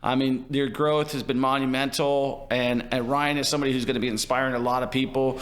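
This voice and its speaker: A man hosting a podcast, asking questions and pitching his program in an upbeat, emphatic, salesy way. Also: little pitch movement, fairly quick, fairly bright tone. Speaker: podcast host, real estate investor. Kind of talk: interview host and sponsor-style pitch.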